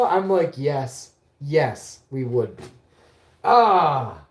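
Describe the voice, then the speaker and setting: A woman from Winnipeg, telling a story on a casual livestream, animated and swearing, acting out the quotes. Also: sits low, slow pace, roomy sound. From Winnipeg, Canada.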